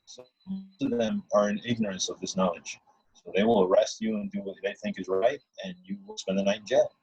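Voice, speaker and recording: A man with a low, husky voice recounts his own story in a casual, earnest ramble. He restarts sentences often and circles back on his points. The sound is dry and dull, like a lo-fi recording. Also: a little fast, a little mellow, no room sound. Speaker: guest telling his story.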